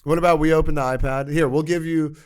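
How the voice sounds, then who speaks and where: A man from Canada, a podcast guest, telling a profane, animated story and acting out the voices of the people in it. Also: on the high side, fast, clear, resonant tone. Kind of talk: casual storytelling.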